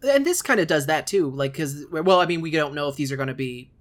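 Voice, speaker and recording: A man's voice: fairly high pitch, animated, brisk. A man co-hosting a podcast in casual chat, hedging and trailing off with lots of "like". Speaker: podcast co-host.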